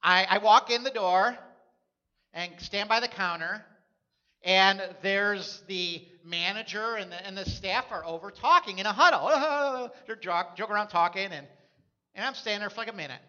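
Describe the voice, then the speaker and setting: A man's voice: high voice, normal speed, sharp tone. Guy preaching a sermon, chatty storytelling, kinda muffled lo-fi audio. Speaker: pastor.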